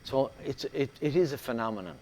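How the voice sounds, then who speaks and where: Middle-aged Irish actor, chatty guest, animated and rambling. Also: male voice, mid-range voice, a little fast, a little hiss or hum. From Ireland. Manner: animated storyteller, many restarts. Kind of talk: casual interview chat.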